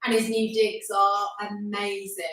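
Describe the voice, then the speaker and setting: A woman's voice: medium pitch, level tone, a little slow, fairly bright tone, distant mic, slight background noise. A middle-aged woman with a Southern English accent, chatting casually and adding short agreements on a family live stream. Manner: brief agreeing interjections. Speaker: co-host. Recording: echoey room, off-mic.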